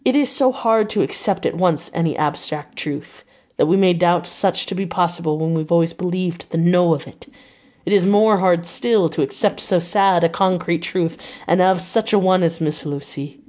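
A woman's voice: fairly low pitch, moderate pace, dark tone, lightly acted. A woman reading an audiobook and voicing an elderly, earnest Dutch professor who speaks in solemn, broken formal phrasing. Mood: pleading.

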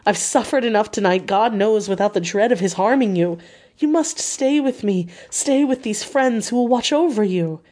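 A woman's voice: medium pitch, moderate pace, darkish tone, pitched above the performer's own voice, lightly acted. A woman reader voicing a terrified young wife who pleads in desperate, sobbing tones. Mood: pleading.

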